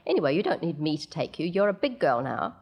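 A woman's voice: deep voice, very animated, fast, darkish tone, heavily acted. A woman reading a story, voicing a harried mother who coaxes her children in a raised voice. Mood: coaxing. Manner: raised, coaxing and exasperated. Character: harried, exasperated mother of three.

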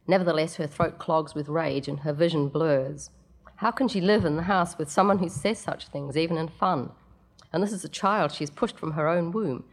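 A woman narrating a story aloud in a measured way, with the odd casual aside. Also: low-pitched.

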